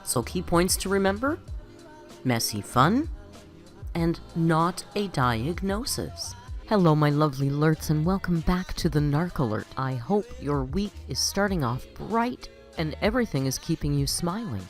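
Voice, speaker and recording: A woman hosting a commentary channel, narrating a scripted, friendly and measured commentary. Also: sits low, lively intonation, faint music behind.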